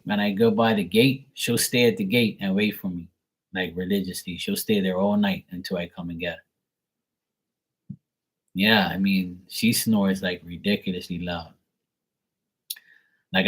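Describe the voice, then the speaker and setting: On a poor-quality recording, a tarot reader with a voice on the low side runs a livestream. His chat is casual, loose and full of swearing, with "like" cropping up constantly.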